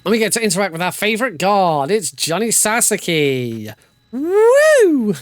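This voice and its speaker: A man's voice: sits high, fast, a bit bright, no echo. A man giving casual, joking live commentary while playing through a video game speedrun. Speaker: speedrunner streamer. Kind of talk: live commentary over gameplay.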